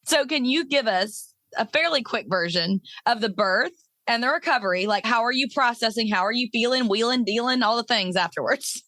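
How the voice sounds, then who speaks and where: Bubbly, bright-voiced woman podcast host. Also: on the high side, a little fast, dry recording. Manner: bubbly, laughs often. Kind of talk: casual interview chat.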